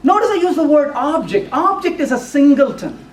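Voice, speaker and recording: A man giving a technical talk with live coding to a user group, animated and playful, now and then putting on a mock voice for the compiler. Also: very high voice, a little fast. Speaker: conference speaker. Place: lecture room at a user group meeting. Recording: echoey room, voice from far off.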